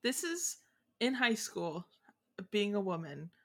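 A woman's voice: medium pitch, sing-song, takes it slowly. A woman hosting a podcast in casual chat, retelling a story with many fillers and frequent giggles. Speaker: podcast host.

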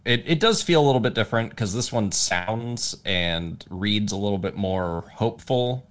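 A man's voice: fairly low pitch, expressive, normal speed. A young man co-hosting a music podcast, talking hesitantly with many filler words. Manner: hesitant, lots of "like" and "kinda" fillers. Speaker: podcast co-host. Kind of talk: casual music podcast chat.

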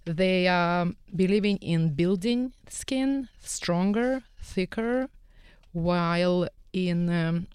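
Woman, Russian accent, salon owner, earnest, smooth lowish voice, dry studio sound. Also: slow, a little mellow, dry recording. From Eastern Europe. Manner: earnest, slightly broken English. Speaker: salon owner and skin care specialist. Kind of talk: radio panel talk.

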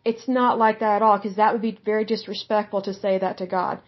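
A woman's voice: medium pitch, level tone, fairly quick, muffled recording. A woman teaching from the Bible in a casual, conversational way, blunt and outspoken.

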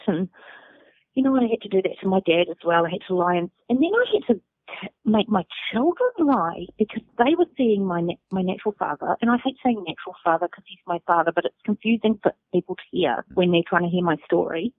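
A woman's voice: mid-range voice, lively intonation, quick pace, no room sound. A middle-aged woman with a New Zealand accent, candidly telling her personal story as a guest and swearing freely. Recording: dry phone-like sound.

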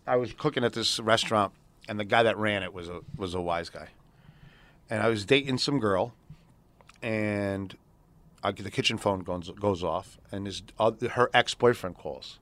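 This middle-aged man, a podcast co-host, tells crude street stories in a relaxed chat, imitating the voices of the people involved. His voice is fairly low and a bit bright, moving at a moderate pace with no room sound.

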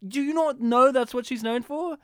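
A high-pitched man with a smooth, resonant voice co-hosts a podcast, talking casually about a film. He is animated and emphatic, leaning into jokes. The sound is dry and close. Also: normal speed, no echo. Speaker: podcast co-host. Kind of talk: casual chat reviewing a film.

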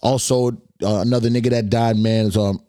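A man's voice: on the low side, fairly even intonation, brisk, mellow, smooth, dry recording, clean studio sound. A man hosting his own podcast in loose, slangy casual talk, speaking straight to his listeners, his voice slightly worn. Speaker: podcast host.

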